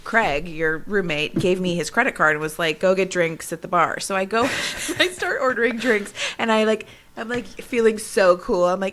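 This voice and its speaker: Young woman podcast co-host, animated storyteller, wide swinging pitch. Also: normal speed, a little hiss or hum. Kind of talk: casual storytelling chat.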